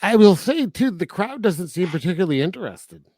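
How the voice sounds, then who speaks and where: A man's voice: high voice, sing-song, brisk, a little mellow. A man co-hosting a podcast, chatting casually about a horror film with sarcastic asides and frequent laughter. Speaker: podcast co-host. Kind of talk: casual film review chat.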